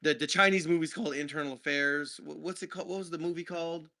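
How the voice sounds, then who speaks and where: Man, movie podcast co-host, rambling casual chat, bright tense tone, somewhat high voice. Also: fairly even intonation, fast talker. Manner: rambling, jokey.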